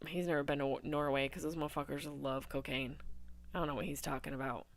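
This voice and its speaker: A woman hosting a live movie watch-along, riffing with crude jokes and swinging between loud outbursts and hushed asides. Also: low-pitched, fairly even intonation, fast talker. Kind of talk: casual riffing commentary over a film.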